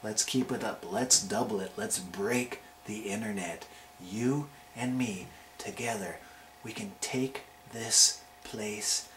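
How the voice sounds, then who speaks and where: A man's voice: fairly low pitch, slow pace, a bit bright. Hyped man in a roomy echo. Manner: hyped, playful ranking countdown delivery. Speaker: wrestling show reviewer and host. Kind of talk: casual video review. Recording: roomy echo with faint noise.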